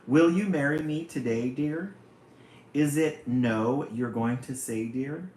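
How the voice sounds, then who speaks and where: A man's voice: mid-range voice, takes it slowly, a little mellow, voice pushed up, natural voice. A man voicing a lovesick male turtle who pleads tenderly with his sweetheart in a storybook poem. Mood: pleading. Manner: tender, pleading, sing-song. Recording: roomy room, faint hum.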